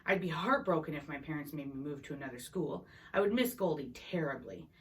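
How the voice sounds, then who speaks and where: A woman's voice: low-pitched, brisk. A woman reading a novel chapter aloud in an unpolished way, with small slips and restarts. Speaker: reader. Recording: voice a bit distant from the mic.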